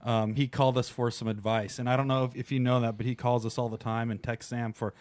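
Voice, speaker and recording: A man's voice: mid-range voice, little pitch movement, quick pace, a little mellow, dry recording. A man co-hosting a podcast, telling stories in a playful, joking manner. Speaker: podcast co-host. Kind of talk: casual podcast chat.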